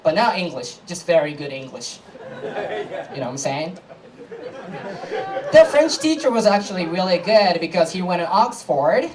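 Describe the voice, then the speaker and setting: A man from Japan with a Japanese accent, a native Japanese speaker performing a stand-up comedy set on a live club stage, landing deadpan punchlines with laughing asides. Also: high voice, moderate pace, long pauses, recorded from a distance, crowd noise, noisy background.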